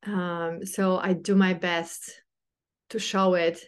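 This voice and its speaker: Podcast mom, thirties, low-pitched, halting and heartfelt. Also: female voice, flat delivery, smooth. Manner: hesitant, many fillers and restarts; earnest and heartfelt. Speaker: podcast host, mother. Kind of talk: casual reflective monologue.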